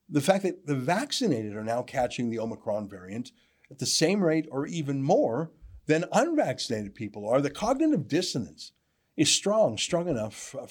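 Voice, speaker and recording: A man's voice: mid-range voice, a little mellow, slightly rough. A man delivering opinion commentary in an emphatic, sarcastic manner. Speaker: political commentator.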